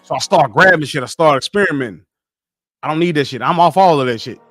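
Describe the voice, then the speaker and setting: A man with a high-pitched voice holds forth on a casual livestream, answering his chat. He lectures bluntly and swears freely. Soft music plays faintly underneath. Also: animated, fast talker, no room sound. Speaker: streamer reading live chat.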